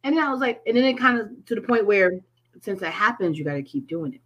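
A woman from Connecticut, a guest in a casual chat, telling stories in an animated way and acting out what people said. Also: medium pitch, quick pace, lo-fi sound. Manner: animated storyteller who acts out quotes.

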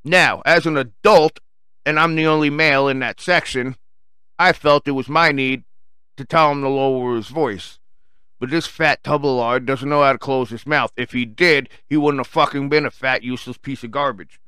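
Angry New man, mocking and profane, bright and crisp voice. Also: medium pitch, steady tone, moderate pace, no echo. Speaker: storyteller. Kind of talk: profane ranting storytelling.

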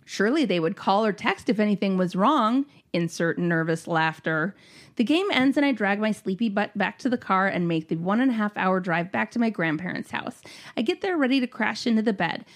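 A young woman reading a personal story aloud in a sarcastic, animated way. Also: fairly high pitch.

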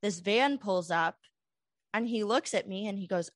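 A woman's voice: medium pitch, normal speed, no room sound, studio quality. A young woman telling a long story in a casual, rambling chat full of "like" fillers. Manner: rambling, animated, many "like" fillers.

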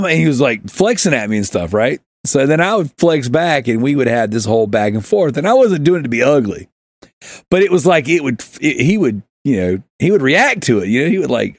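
A man's voice: medium pitch, dry recording. A man hosting a podcast, rambling through a funny story and laughing as he goes. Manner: rambling, laughing, acts out shouted quotes. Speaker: podcast host. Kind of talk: casual storytelling chat.

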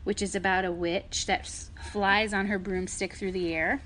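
A woman hosting a children's story podcast, reading a rhyming picture book aloud to a child at home and pausing to point out the pictures. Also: medium pitch. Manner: animated, stops to explain the pictures. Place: home playroom.

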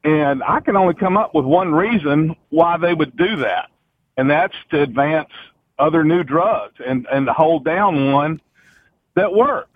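A man's voice: on the high side, animated, a little slow, no echo. Man calling in over a tinny phone line. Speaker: caller. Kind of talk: calling in to a radio show.

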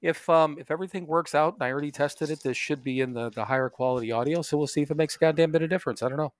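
A man's voice: on the high side, rapid-fire, no echo. A man co-hosting a podcast, chatting casually, laughing often and swearing freely. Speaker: podcast co-host. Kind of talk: casual chat.

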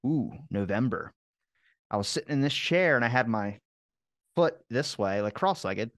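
A man guesting on a podcast, telling rambling personal anecdotes in casual chat with quick restarts and the odd curse. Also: medium pitch, animated, fairly bright tone, no echo, clean studio sound.

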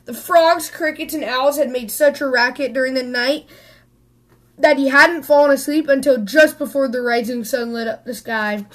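High-voiced woman reading a picture book. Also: normal speed. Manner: expressive, with small slips and restarts. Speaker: storybook reader.

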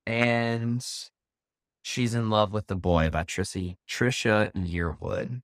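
A young man with a Southern US accent, co-hosting a podcast in a chatty, playful and gently earnest way. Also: lowish voice, takes it slowly, no echo, clean studio sound. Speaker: podcast co-host. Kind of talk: casual chat.

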